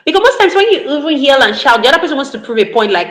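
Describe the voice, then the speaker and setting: A woman's voice: sits high, big pitch swings, racing, fairly bright tone. A woman giving an online parenting talk, earnest, repeating her points for emphasis. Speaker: parenting educator. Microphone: video call. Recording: roomy echo.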